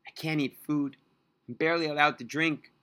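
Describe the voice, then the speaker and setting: A man's voice: fairly high pitch, steady tone, normal speed, bright, forceful tone. A man voicing a bitter, worn-down young male patient in his late twenties, in a storybook reading. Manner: bitter and weary.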